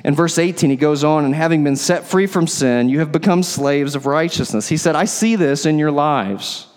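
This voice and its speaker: A man's voice: a little high, normal speed. A male pastor preaching a sermon, explaining scripture and asking rhetorical questions. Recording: long hall reverb.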